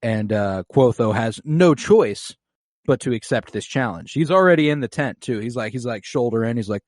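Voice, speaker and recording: A man's voice: medium pitch, lively intonation, no echo. Male co-host, dry close mic, casual and profane, acts out lines as he recaps. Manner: profane, recaps scenes acting out lines in quick voices. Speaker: podcast co-host. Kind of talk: casual rewatch podcast chat.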